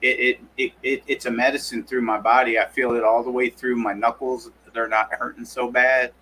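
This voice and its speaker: Bright-voiced, loose male co-host. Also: medium pitch, flat delivery, moderate pace, a little hiss or hum, low-quality recording. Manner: loose, swears casually. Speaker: podcast co-host. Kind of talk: casual live-stream chat.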